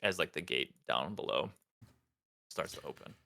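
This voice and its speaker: Low-voiced rambling game master. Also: male voice, animated, normal speed, vocal fry, pushed and bright. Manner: rambling, filler-heavy. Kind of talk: narrating a tabletop game.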